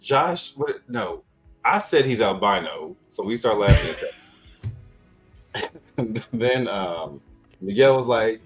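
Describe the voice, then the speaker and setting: A man's voice: on the low side, big pitch swings, takes it slowly, long pauses, faint music behind, low-quality recording. A man hosting a podcast, telling a rambling story in a laid-back, profane, casual way. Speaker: podcast host.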